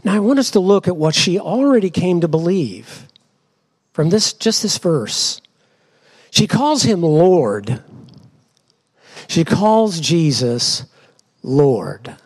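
Male pastor with a high, animated voice and slow, deliberate delivery; dramatic sermon style that keeps questioning the congregation. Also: husky. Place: church before a congregation.

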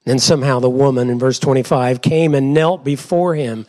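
A man's voice: medium pitch, fairly even intonation, normal speed, hardly any pauses, darkish tone. A male pastor preaching a sermon to his congregation in church, dramatic and full of rhetorical questions.

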